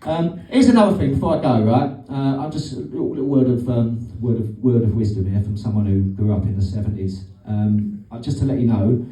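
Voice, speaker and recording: This British stand-up, a middle-aged man, works a club stage with sweary, sardonic, wandering material. He speaks briskly in a dark, mid-range voice, with few pauses. The audio comes across as roomy and distant.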